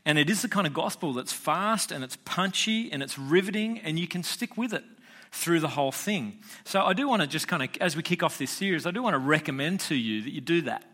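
A man's voice: fairly high pitch, animated, brisk, sharp tone. A man preaching a casual, chatty sermon as a pastor, joking with listeners and restarting phrases often.

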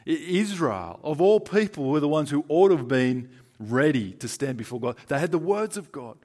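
A man with an Australian accent and a slightly high voice gives a sermon at a moderate pace with lively intonation. He speaks conversationally and emphatically, trading loud stresses for hushed lines and back.

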